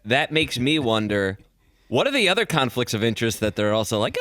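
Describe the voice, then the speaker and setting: A young man chatting as a regular on a sports talk show, jokey and animated. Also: mid-range voice, a little fast, dry recording, clean studio sound.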